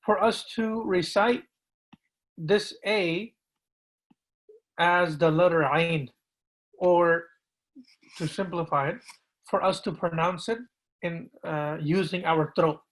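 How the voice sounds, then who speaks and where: Man, imam leading a recitation class; slow, patient, gently corrective delivery. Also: fairly high pitch, poor audio. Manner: repeats words slowly, gently corrects. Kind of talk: patient pronunciation lesson.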